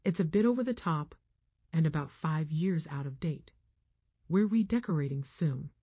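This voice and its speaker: Woman reading a cool sardonic rich guy, low husky tone, dull dry recording. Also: normal speed, dry recording. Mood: careless. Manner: calm, dry, understated. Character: suave wealthy half-Italian man, sardonic. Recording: dull, muffled dry sound.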